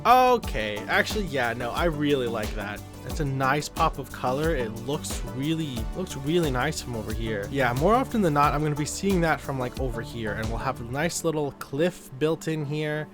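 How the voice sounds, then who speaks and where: A man's voice: medium pitch, expressive, moderate pace, few pauses. A man giving casual, rambling commentary while playing a building game, often correcting himself and getting sidetracked. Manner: rambling, self-correcting, easily distracted. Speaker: gaming YouTuber. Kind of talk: casual let's-play commentary. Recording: background music.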